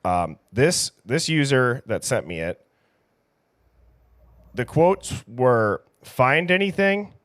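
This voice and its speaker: Here the livestream host speaks in a mid-range voice with big pitch swings, talking slowly with long pauses. He stays easygoing and chatty, reading out names from the chat, and there's no room sound at all.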